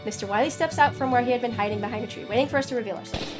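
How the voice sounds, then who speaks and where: A woman streamer reading a story game aloud, excitable and dramatic, breaking off her narration for outbursts. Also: a little high, very fast, music in the background.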